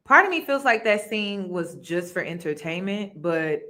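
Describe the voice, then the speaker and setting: A woman hosting a casual chat about a reality show, expressive and laughing, speaking to viewers directly. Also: on the low side, moderate pace, hardly any pauses. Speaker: host.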